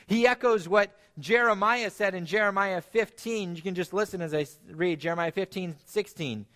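A man preaching a sermon, earnest, climbing to emphatic peaks and then dropping low and quiet. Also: moderate pace, few pauses.

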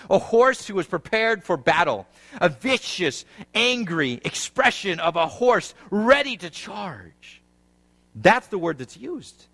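A man preaches a sermon, his voice sitting high for a man. He moves between reading scripture and explaining it, his pitch swinging widely as the intensity rises and falls. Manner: expressive preaching, rising and falling intensity; reads scripture, then explains it. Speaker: pastor.

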